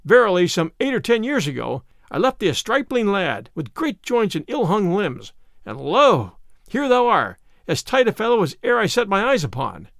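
A man's voice: sits high, wildly swooping pitch, moderate pace, creaky, fairly bright tone, dry recording, studio quality, heavily acted. A man doing Robin Hood, hearty bold outlaw. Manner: hearty, exclaiming old-fashioned speech.

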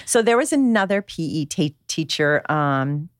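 Animated middle-aged woman telling stories. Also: deep voice, measured pace, dry recording, clean studio sound. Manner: animated storyteller, acts out quoted voices. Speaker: guest, author and mother. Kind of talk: casual conversation.

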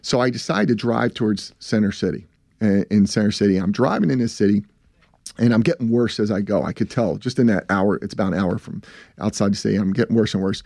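Low dark-voiced man telling a story. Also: fast talker, vocal fry, no echo, studio quality. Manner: rambling, repeats himself, acts out what others said. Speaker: guest, business founder. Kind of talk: casual storytelling interview.

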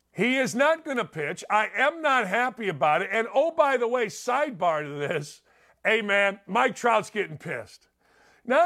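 Middle-aged male sports talk host, high-pitched, loud, ranting, opinionated. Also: creaky.

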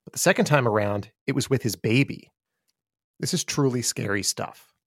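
A man host giving measured, grave narration of a true story. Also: mid-range voice, expressive, breathy edge, no echo, clean studio sound. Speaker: podcast host. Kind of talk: scripted narration.

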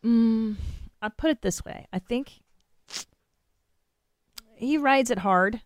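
A woman's voice: a little high, slow pace, no echo. A woman co-hosting a podcast in casual chat, candid and blunt, swearing freely. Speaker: podcast co-host.

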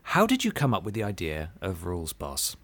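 A man with a fairly low voice co-hosts a relaxed group podcast. He sounds enthusiastic, keeps things moving, and his pitch swings widely as he talks. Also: a little fast. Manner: enthusiastic, leads the segments. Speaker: podcast co-host. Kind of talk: casual group chat.

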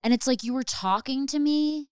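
Smooth-voiced woman podcast host. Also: sits high, moderate pace, darkish tone, dry recording, studio quality. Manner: chatty, awed, filler-heavy. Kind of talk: casual chat.

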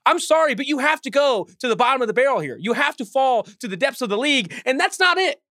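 Fast, bright-voiced man ranting. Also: extremely high pitch, sing-song, dry recording, clean studio sound. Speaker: podcast co-host. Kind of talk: sports podcast talk.

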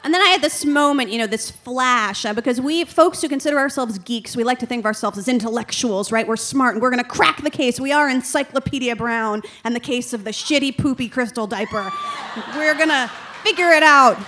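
A woman's voice: high-pitched, fairly quick, pushed and bright. A young adult woman doing stand-up comedy, telling a candid, rambling and self-deprecating story.

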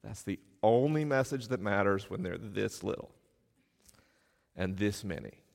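A middle-aged man, the show's host, telling wry, self-deprecating stories to a live audience from a stage, with quick asides. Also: fairly low pitch, expressive, vocal fry, darkish tone. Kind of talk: live stage talk, conversational storytelling. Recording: long hall reverb from a live venue.

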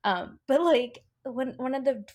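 A woman's voice: high voice, a little slow, darkish tone. Earnest woman talking emphatically. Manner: earnest, emphatic, repeats points for stress. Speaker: podcast host, mother. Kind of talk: casual chat.

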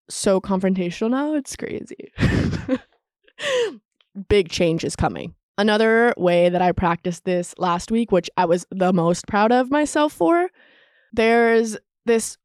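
A woman's voice: medium pitch, dry recording, clean studio sound. A woman in her twenties hosting a solo podcast, chatting candidly, laughing often and saying "like" a lot. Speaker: podcast host. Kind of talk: casual solo podcast monologue.

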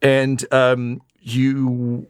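A man's voice: mid-range voice, monotone, extremely slow, clear, resonant tone, no room sound, clean studio sound. A man running a tabletop game podcast as game master, narrating and joking in a rambling way with many fillers.

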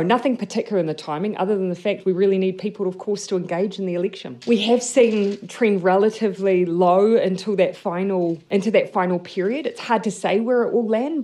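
A woman politician answering press questions, measured and restarting mid-sentence. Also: mid-range voice, mellow.

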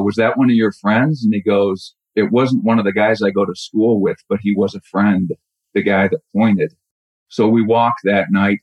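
A middle-aged man recounts a personal story slowly and reflectively, stopping and restarting often. His voice is low and husky. The audio sounds dull and lo-fi. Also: dry recording. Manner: halting, reflective, many restarts. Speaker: caller telling a true story.

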